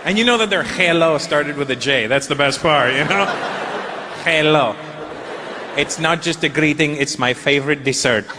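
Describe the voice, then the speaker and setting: A middle-aged man doing a stand-up comedy set in a large venue, animated and swearing freely as he mimics characters. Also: a little high, moderate pace. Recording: noisy live show with crowd ambience.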